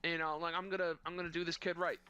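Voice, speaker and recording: A man's voice: on the high side, little pitch movement, rapid-fire, bright, forceful tone, clean tone. A man telling a rambling, crude, mock-sentimental story in casual chat with friends. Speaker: podcast co-host telling a story.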